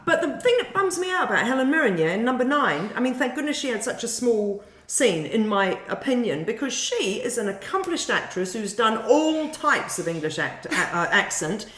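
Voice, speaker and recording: A woman co-hosting a podcast, chatting casually about films in an animated way and laughing through her points. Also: on the high side, moderate pace, hardly any pauses. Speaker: podcast co-host. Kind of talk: casual film discussion. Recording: roomy echo.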